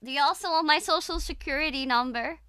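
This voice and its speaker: A woman's voice: high voice, fast, bright, forceful tone, slight background noise. A young woman streaming as a VTuber, chatting casually with a giggly, playful, teasing manner.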